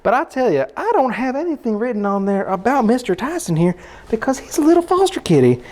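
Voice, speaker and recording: A man puts on a folksy, drawling Southern cook, hospitable and chatty, his voice sitting high. The accent is broad and colloquial, laid over a cooking livestream in a home kitchen. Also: slow, fairly bright tone.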